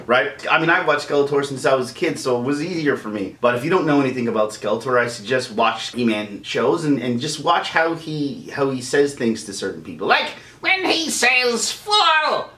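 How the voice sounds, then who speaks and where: A man's voice: mid-range voice, fairly quick, hardly any pauses, a bit bright, echoey room. A man teaching voice impressions in a casual, chatty video tutorial, laughing often as he talks.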